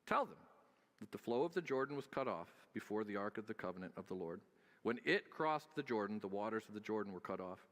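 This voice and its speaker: A man's voice: lowish voice, expressive, a little fast, a bit bright, big-room sound. A man preaching a sermon as pastor, conversational and joking, with frequent filler sounds.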